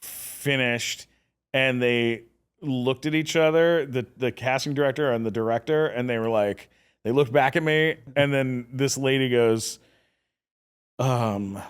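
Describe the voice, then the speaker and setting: A middle-aged man, a podcast guest and actor, telling a story in casual chat, animated and quick to laugh, with lots of filler words. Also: mid-range voice, clean tone.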